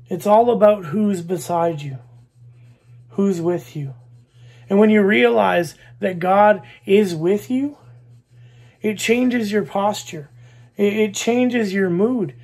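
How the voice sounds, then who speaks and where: A male pastor delivers a sermon in a fairly high voice. He speaks slowly and deliberately, hammering home repeated phrases. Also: darkish tone, breathy edge. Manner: slow, emphatic preaching with repeated phrases.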